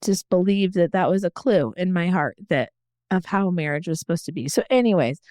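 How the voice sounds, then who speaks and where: A woman's voice: lowish voice, lively intonation, brisk, a little mellow, no room sound, studio quality. A woman guest on a podcast, telling her story in a candid, earnest and reflective way.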